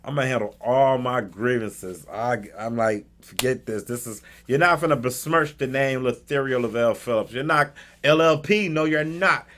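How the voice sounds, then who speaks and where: A man hosting a talk radio stream, telling a personal story in an animated way and acting out the people in it. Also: medium pitch. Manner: acts out the people in his story with quick voice changes; emphatic and indignant.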